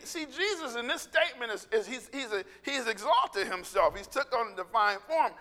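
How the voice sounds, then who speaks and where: A man preaching a sermon in a large church hall, excitable and animated, tripping over his words as he builds up. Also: extremely high pitch. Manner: excitable, animated, with quick restarts and laughter. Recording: echoey hall with long reverb.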